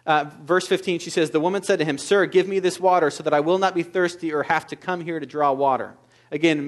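A man preaching a sermon as pastor, moving between quiet, intimate asides and loud, emphatic exhortation. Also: fairly high pitch.

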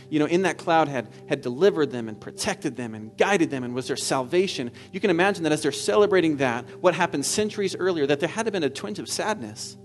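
A man preaching a sermon in an earnest manner, rising at times to fervent exclamation. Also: fairly high pitch. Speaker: pastor.

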